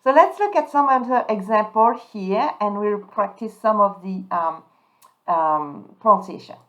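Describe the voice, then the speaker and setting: Woman, language teacher, mid-pitched voice, emphatic word modelling, dull lo-fi recording. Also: lively intonation. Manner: slow, emphatic modelling of French words. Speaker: French teacher. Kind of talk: pronunciation lesson. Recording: dull lo-fi sound.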